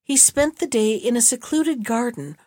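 A woman reads an old tale aloud in a measured, steady storytelling voice. Her pitch sits somewhat high for a woman, and the recording is dry and close with no room sound. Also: no echo. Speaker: narrator. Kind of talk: audiobook reading.

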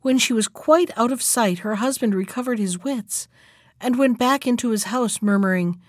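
A woman storyteller reads a fairy tale aloud, expressive and measured, her voice sitting a little high. The sound is dry and close to the mic. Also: no echo.

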